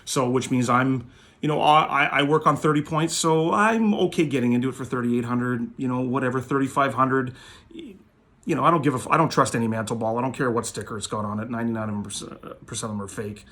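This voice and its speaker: A man hosting a show, telling a story in a blunt, profane, animated way. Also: medium pitch, a little fast. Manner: blunt, swears constantly, animated retelling. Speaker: host, sports card dealer.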